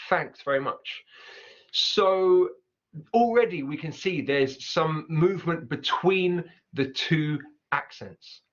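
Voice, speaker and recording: A man's voice: on the high side, fairly bright tone, muffled recording. Upbeat man teaching pronunciation. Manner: upbeat, repeats example words slowly to demonstrate sounds. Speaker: English teacher. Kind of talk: online pronunciation lesson.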